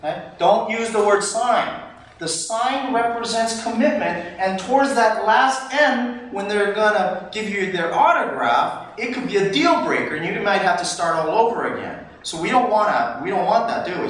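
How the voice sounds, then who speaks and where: A man with a fairly high voice coaches a sales team in lively bursts. He often slips into the lines of customers and sellers. He is recorded from a distance in a very echoey room with faint noise. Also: moderate pace. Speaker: sales trainer. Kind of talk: live training talk. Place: training room.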